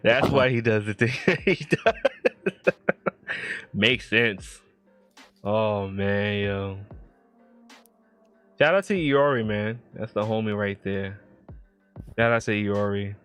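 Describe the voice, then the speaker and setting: A man's voice: on the low side, slow pace, pauses often, fairly bright tone, smooth, faint music behind. A man hosting a casual late-night livestream, talking in a laid-back, slangy way and laughing often. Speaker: livestream host.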